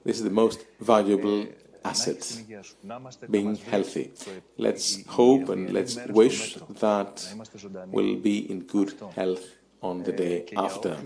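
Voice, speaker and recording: A man speaking in a live webcast panel discussion, halting and pausing often with fillers. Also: lowish voice, fairly even intonation, creaky, mellow. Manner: halting, with many pauses and fillers.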